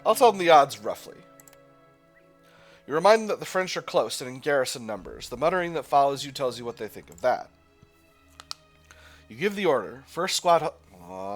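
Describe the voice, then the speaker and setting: A man hosting a gameplay video, reading the game text and thinking aloud with hesitant restarts. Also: medium pitch. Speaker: gaming channel host. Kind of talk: let's play narration and reading aloud.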